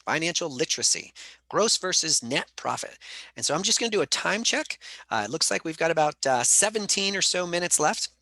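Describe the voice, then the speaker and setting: A man's voice: on the high side, lively intonation, brisk, pushed and bright, no echo. A man teaching a live online college lecture, answering students' chat questions in a conversational way with frequent fillers. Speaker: college instructor.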